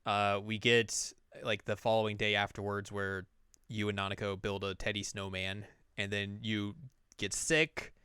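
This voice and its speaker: A man's voice: fairly low pitch, flat delivery, a little slow, bright, forceful tone, clear, resonant tone, no echo, studio quality. A man hosting a podcast, chatting casually as he recaps an anime and acts out the scenes. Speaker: podcast host.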